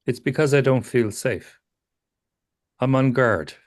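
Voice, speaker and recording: A man working as a psychotherapist, talking a client through self-awareness in a calm, questioning way that repeats phrases. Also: medium pitch, takes it slowly. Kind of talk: therapy session conversation.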